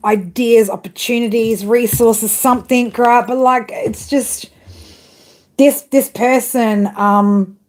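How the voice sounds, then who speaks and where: A woman's voice: on the high side, a little mellow. A woman doing a casual live tarot reading, chatty and full of swearing, calling her viewers girl and babe. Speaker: tarot reader.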